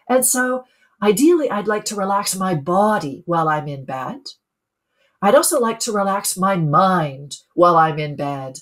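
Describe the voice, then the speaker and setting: A middle-aged woman who coaches people on sleep, speaking calmly in a webinar and putting questions to her listeners. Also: on the low side. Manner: calm, teaching, asks the listeners questions. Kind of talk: webinar talk.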